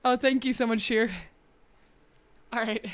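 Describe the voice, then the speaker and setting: A woman's voice: a little high, little pitch movement, measured pace, smooth, no echo. A young woman streaming casually, chatting with her viewers and reading the chat aloud. She is a bit scatterbrained, laughs often and sounds slightly out of breath. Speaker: VTuber streamer.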